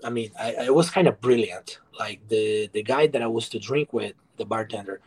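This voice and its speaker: A man's voice: on the low side, normal speed, darkish tone, breathy edge, poor audio. A man who moved to the USA, telling his story as a podcast guest, frank and profane and acting out past dialogue. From moved to the USA from abroad. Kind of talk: candid interview storytelling.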